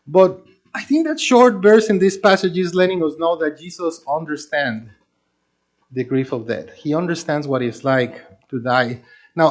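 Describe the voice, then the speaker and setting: A man preaching a sermon, earnest and emphatic, slowing down to stress key phrases. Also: fairly high pitch. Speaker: pastor.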